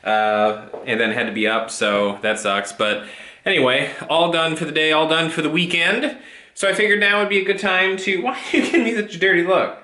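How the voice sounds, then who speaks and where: Male vlogger, tired, rambling and easygoing, bright forceful tone, echoey room. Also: on the high side, steady tone, a little fast. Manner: rambling, easygoing, talks to his cat. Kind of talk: casual vlog chatter. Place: cold, drafty house at home. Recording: echoey room with faint noise.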